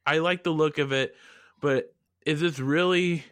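A man co-hosting a podcast, chatting in a relaxed, hesitant way with fillers and restarts. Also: fairly high pitch, measured pace, no room sound, studio quality. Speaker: podcast co-host. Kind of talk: casual chat.

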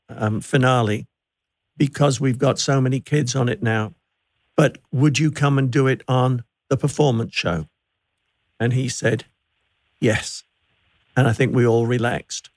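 A man with a gravelly, creaky voice hosts a podcast in easy casual chat. He laughs often as he tells stories. The sound is dry and close. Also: mid-range voice, measured pace, pauses often, no echo. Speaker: podcast host.

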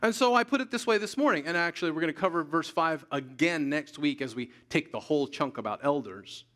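A man preaching a sermon as pastor, emphatic, repeating key lines slowly for weight. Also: on the high side, a bit bright. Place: church sanctuary.

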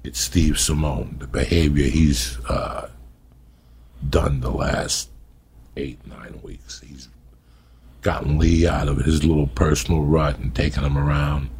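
A man's voice: a bass voice, steady tone, a little slow, a little mellow, breathy edge. A middle-aged man, a podcast guest, telling profane rambling stories in casual comedic chat.

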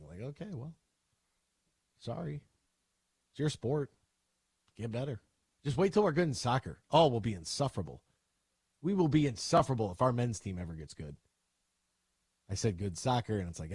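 A male sports talk host with a lively, up-and-down delivery and a faintly husky edge. He riffs and jokes in an opinionated, rapid-fire way, recorded close and dry. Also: medium pitch, no echo.

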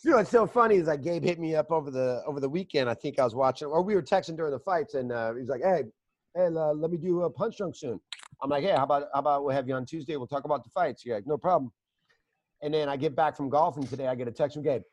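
A man's voice: a little high, quick pace, dry recording. A man hosting a podcast, rambling through profane stories in casual chat on a close mic. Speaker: podcast host.

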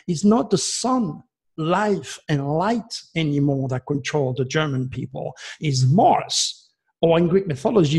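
Gravelly man, rambling astrologer. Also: a little high, a little mellow. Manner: emphatic, digressive explaining. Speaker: astrologer guest. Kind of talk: rambling radio interview talk.

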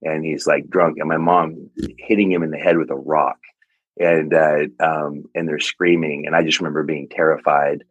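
Very deep-voiced, husky man. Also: level tone, dry recording, dull audio. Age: 40s. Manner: earnest, reflective, halting with restarts. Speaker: pastor and author. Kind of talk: personal storytelling in an interview.

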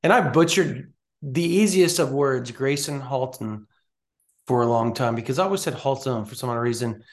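A man with a gravelly, mid-pitched voice talks recruiting on a casual sports podcast. He rambles animatedly, trips over restarts and circles back to his points. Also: normal speed.

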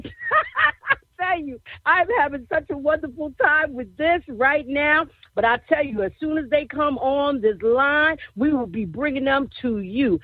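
Woman, gospel radio host, high bouncy voice, exuberant, laughs a lot, phone-line sound. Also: slightly rough, no echo. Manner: exuberant, laughing, repeats "I tell you". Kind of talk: enthusiastic gospel radio hosting.

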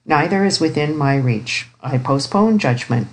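A woman's voice: sits low, animated, measured pace, poor audio. Woman reading as a dry, grave old uncle. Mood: stern. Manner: grave, precise, ironic. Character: stern, dry, elderly bachelor uncle. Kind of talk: audiobook character reading.

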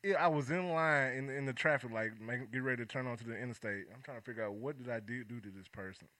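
Male co-host, bright timbre, dry close sound, relaxed anecdotal delivery with laughs. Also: mid-range voice, quick pace, dry recording. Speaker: podcast co-host. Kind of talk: casual chat.

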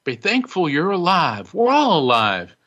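A calm, kindly old man with a long white beard, raised in pitch above the teller's own voice, as a man puts him on in a story. His tone is bright and forceful. The sound is a little dull. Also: a little slow, exaggerated voice. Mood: reassuring.

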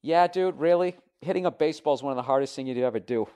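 Guy, comedy podcast host, foul-mouthed ranter, loud flare-ups and mumbled asides. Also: medium pitch, fast talker. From United States. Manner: profane, swings between loud outbursts and mumbled asides. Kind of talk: ranting comedy podcast, reading listener emails.

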